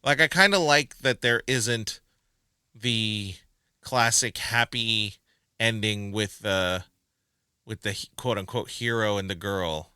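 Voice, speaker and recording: A man's voice: lowish voice, takes it slowly, bright, forceful tone, clean tone, no echo. A man co-hosting a movie review podcast in casual chat, laughing often and acting out quotes from the film. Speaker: podcast co-host.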